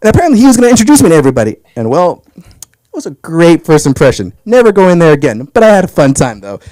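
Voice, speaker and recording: A young man doing open mic stand-up, telling a story and jumping into high voices when he quotes himself. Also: racing, no room sound, rough recording. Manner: animated, jumps into high voices for his own quotes. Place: comedy club stage.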